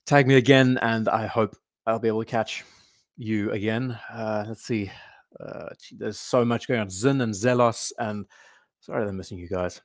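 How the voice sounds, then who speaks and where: A man's voice: fairly low pitch, steady tone, normal speed, dry recording, studio quality. A man hosting a live watch show, chatting casually, thinking aloud and answering comments from the chat. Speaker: watch channel host.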